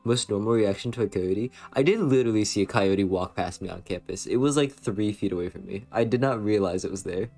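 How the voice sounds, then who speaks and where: A man's voice: lowish voice, fairly quick, few pauses, darkish tone, faint music behind. A young man with an American accent, chatting casually on a stream and answering chat in a rambling, playful way, full of fillers. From western United States.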